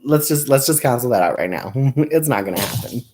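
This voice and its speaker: Lively, chatty man, laughing often. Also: medium pitch, fairly quick. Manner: chatty, animated, self-mocking, laughs often. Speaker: crafting channel host. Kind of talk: casual livestream chat.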